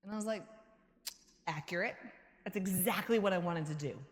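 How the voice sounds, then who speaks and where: Animated woman giving a keynote in a hall. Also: medium pitch, fast talker. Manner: animated storyteller who acts out quotes and laughs. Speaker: keynote speaker. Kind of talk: motivational keynote talk. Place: large conference hall. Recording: echoey hall reverb.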